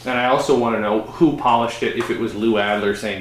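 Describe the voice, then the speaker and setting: A man's voice: medium pitch, fast talker, hardly any pauses, fairly bright tone, slight background noise. A man hosting a podcast, chatting casually and musing aloud, often restarting his sentences. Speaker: podcast host. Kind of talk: casual chat. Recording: echoey room.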